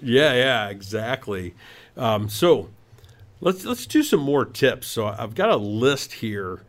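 Speaking slowly but with lots of animation, a medium-pitched man hosts a home improvement show, rambling through his tips with frequent fillers and restarts in a casual, radio-like manner.

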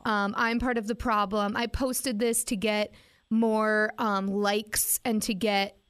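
A woman's voice: medium pitch, takes it slowly, clear, resonant tone. A woman from Northeast Wisconsin, a radio host chatting casually and acting out quotes as she tells a story. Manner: animated storytelling with acted-out quotes. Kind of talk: casual chat.

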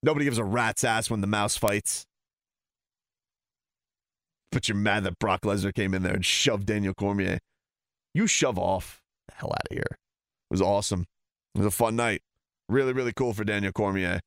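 A man's voice: lowish voice, moderate pace, pauses often, a bit bright, no room sound, clean studio sound. A man ranting heatedly and sarcastically as a sports talk host.

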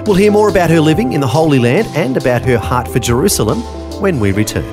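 A man hosting a radio interview show, calm and attentive. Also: on the high side, quick pace. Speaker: host. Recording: music bed behind.

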